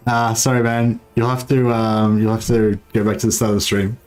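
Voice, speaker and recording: A man's voice: lowish voice, monotone, normal speed, darkish tone. Rambling male game streamer, faint music behind. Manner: rambling, filler-heavy, reads chat aloud. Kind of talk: casual livestream chat.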